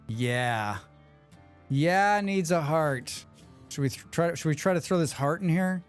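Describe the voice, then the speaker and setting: A man hosting a live game stream, chatting quickly with viewers and thinking aloud as he plays. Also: a little high, animated, soft background music. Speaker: livestream game host. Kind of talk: casual live gameplay commentary.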